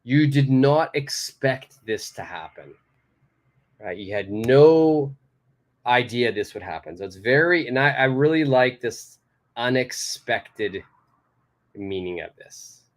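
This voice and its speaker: Speaking slowly but with animation in a mid-range voice, a man from Canada runs a live online class on English idioms. He works from a home studio in Tokyo, patiently explaining and going back over the important phrases.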